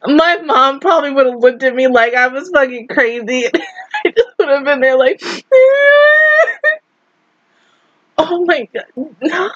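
A woman's voice: high voice, expressive, normal speed, fairly bright tone, no room sound, lo-fi sound. A young woman reacting to an anime film, teary and sore-throated from crying, exclaiming, laughing through tears and swearing. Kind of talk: emotional reaction commentary.

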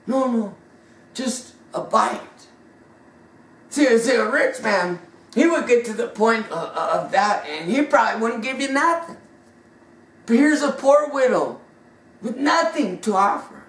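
A woman's voice: on the high side, animated, measured pace, long pauses. A woman preaching a fervent sermon, repeating and stumbling over words, in an echoey room with the mic far off. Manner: fervent, stammering repetitions.

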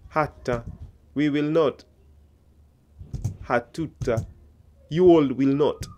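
A man's voice: medium pitch, darkish tone, a little hiss or hum. A man teaching a recorded language lesson, patiently repeating each example and quizzing the viewer.

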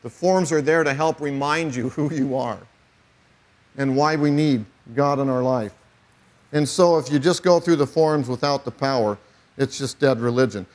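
A man's voice: medium pitch, normal speed, a little mellow. A middle-aged man preaching a sermon as pastor, emphatic, with wry asides.

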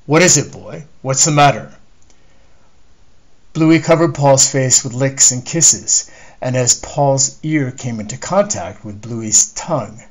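A man, the author, reading a chapter of his novel aloud in measured storytelling narration. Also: mid-range voice, low-quality recording. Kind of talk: scripted narration.

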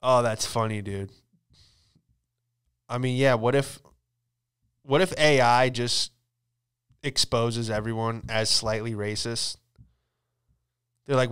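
A man's voice: medium pitch, steady tone, slow pace, pauses often, a bit bright, clear, resonant tone. A man hosting a comedy podcast, riffing and joking loosely about news, profane and laughing often. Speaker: podcast host. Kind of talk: casual comedic chat.

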